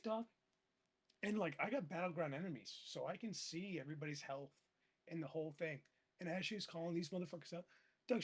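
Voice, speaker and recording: A high-voiced man rambles through gaming stories in loose, profane chat. He piles on filler words and curses, and his voice swings from low mutters to loud bursts. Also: husky. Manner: rambling, animated, heavy swearing and filler words. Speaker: gaming streamer.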